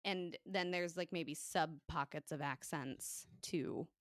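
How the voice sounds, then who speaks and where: An American woman with an Upper Midwest accent, co-hosting a casual podcast chat with quick asides and frequent giggles. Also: low voice, no room sound, clean studio sound. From United States. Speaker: podcast co-host.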